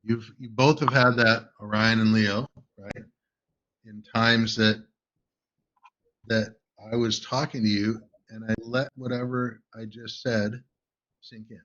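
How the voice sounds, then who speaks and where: Host: man, bright forceful voice, emphatic coaching delivery, dull lo-fi recording. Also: lowish voice, level tone, slow. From United States. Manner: emphatic, keeps checking in with "right?". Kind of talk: casual coaching talk. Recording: dull lo-fi audio.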